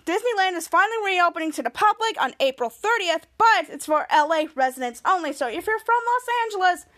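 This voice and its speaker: A woman's voice: very high-pitched, lively intonation, fairly quick, a bit bright. A woman hosting a podcast and recapping a TV episode in a chatty, rambling way, with gushing sign-offs to listeners. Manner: chatty, rambling, with frequent restarts. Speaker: podcast host.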